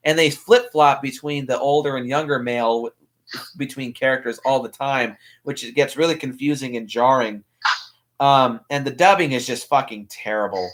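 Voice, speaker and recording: A man's voice: mid-range voice, normal speed, a bit bright. A young man hosting a casual film review podcast, blunt and opinionated, with frequent ums. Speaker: podcast host. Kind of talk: casual movie review chat.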